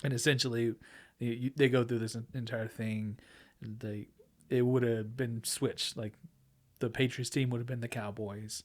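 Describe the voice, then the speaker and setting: A man co-hosting a podcast, talking in a hesitant, halting way with fillers. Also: medium pitch, little pitch movement. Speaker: podcast co-host. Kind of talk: casual chat.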